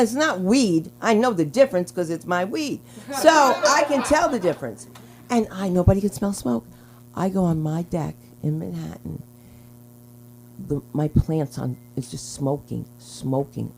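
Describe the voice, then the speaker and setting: A woman emcees stand-up on a small club stage, speaking into a handheld mic. Her voice sits low for a woman, brash and rambling, and she keeps breaking into loud character voices. A faint hum runs under the recording. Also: measured pace. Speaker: open mic host. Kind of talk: stand-up comedy.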